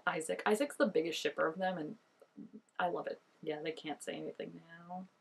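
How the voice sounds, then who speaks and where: A woman's voice: on the low side, takes it slowly, gravelly, long pauses, breathy edge. A young woman giving casual reaction commentary, chatty and gushing with lots of "like" fillers. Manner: chatty and gushing, many "like" fillers, laughs often. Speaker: reaction video host.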